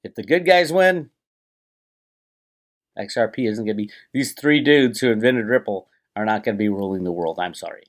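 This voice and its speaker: A man's voice: lowish voice, lively intonation, moderate pace. Man on an angry profane rant. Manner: agitated, profane, sarcastic, ranting. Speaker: crypto commentator and channel host. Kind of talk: heated solo rant to camera.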